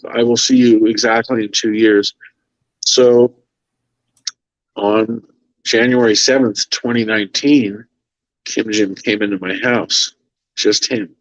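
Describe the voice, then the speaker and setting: A man's voice: medium pitch, no room sound, highs cut off. A man telling an emotional story as a podcast guest, earnest and moved, quoting others in his own voice.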